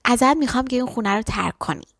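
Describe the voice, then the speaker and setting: Woman, English lesson, fairly high voice, slow deliberate repetition, dry close sound. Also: creaky, a bit bright, no room sound. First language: Persian. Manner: repeats English phrases slowly and deliberately after quick explanations. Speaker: English teacher. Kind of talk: language lesson.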